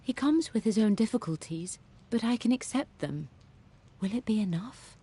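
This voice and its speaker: A woman's voice: a little high, lively intonation, normal speed, mellow, breathy edge. A woman voicing a thoughtful young noblewoman, reading her own diary as game voice-over in a reflective, wry manner. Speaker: diary narrator.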